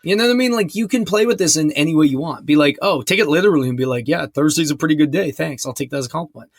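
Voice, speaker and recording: A man's voice: a little high, animated, rapid-fire, no echo, clean studio sound. A man co-hosting a casual podcast, giving joking dating advice and reading out listener letters. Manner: laid-back, joking, advice-giving, puts on silly voices in quotes.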